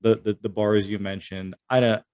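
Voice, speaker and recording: Brief: low male voice, dry close mic, emphatic podcast co-host. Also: fairly even intonation, normal speed, darkish tone, dry recording. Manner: emphatic, repeats words when making a point. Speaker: podcast co-host, former Army Ranger. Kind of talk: casual conversation.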